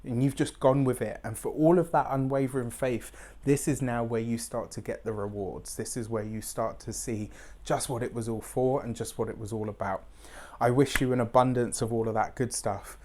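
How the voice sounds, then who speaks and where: A man's voice: medium pitch, steady tone, normal speed, a little mellow, slight background noise. A man giving an effusive weekly tarot reading to camera, often checking in with "right?" and openly emotional. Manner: emotionally open, near tears at times. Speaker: tarot reader.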